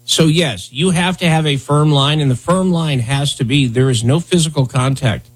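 Man, political commentary host, blunt, heated, husky. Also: on the high side, normal speed, low-quality recording. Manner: blunt, heated, repeats himself.

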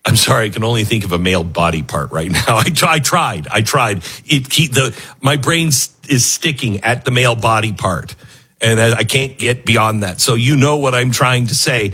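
A man's voice: medium pitch, moderate pace, husky. A man hosting a talk show, giving sarcastic, mocking opinionated commentary. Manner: sarcastic, mocking, lively with laughs.

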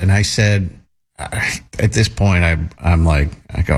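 A man's voice: lowish voice, steady tone, normal speed. A man in his thirties, a talk show regular, telling a casual anecdote in a rambling way with many fillers and restarts.

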